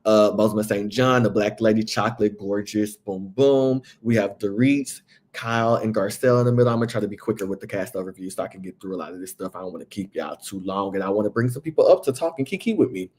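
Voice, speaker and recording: A young man from Southeast Texas, chatting through a casual reality TV recap as host, jumping up high for quoted voices. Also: fast. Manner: chatty, animated, jumps to high acted quotes. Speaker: podcast host.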